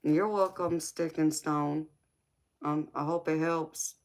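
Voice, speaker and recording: A woman's voice: low voice, fairly even intonation, takes it slowly. Middle-aged woman, live-stream host, emphatic and passionate, affectionate to chat. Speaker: tarot reader and live streamer.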